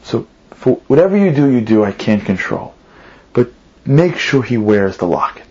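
A man voicing an anxious young mother making an earnest plea in plain, everyday speech. The voice stays close to the performer's own. It comes through husky and a little dull. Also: medium pitch, big pitch swings, moderate pace, a little mellow. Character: worried, tearful young mother.

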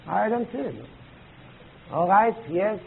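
A man teaching a class, halting and searching for words, with emphatic rising questions to students. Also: high voice, big pitch swings, gravelly. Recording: tinny lo-fi old tape recording with faint hiss.

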